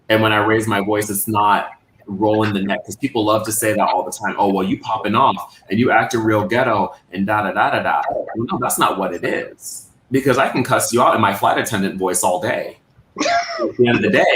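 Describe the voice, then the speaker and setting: Man, low-ish voice, blunt and passionate, cusses freely, recorded in an echoey room. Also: slight background noise. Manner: loud, passionate and cussing. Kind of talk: candid group podcast chat.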